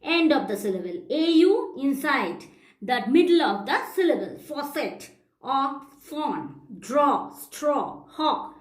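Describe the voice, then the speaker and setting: Woman, high voice, phonics teacher, spells out letters, echoey room. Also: very animated. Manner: slow, deliberate explanation, spelling out letters and sounding words. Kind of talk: phonics lesson.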